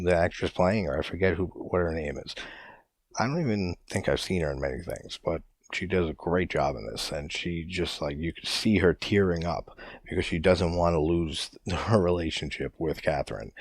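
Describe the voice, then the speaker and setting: A low-voiced young man hosts a podcast and reviews a movie in a casual, rambling monologue. He leans on "like" constantly and swears freely. The sound is dry and close, with no room around it. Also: breathy edge, no room sound. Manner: loose, rambling, heavy use of "like", casual swearing. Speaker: podcast host.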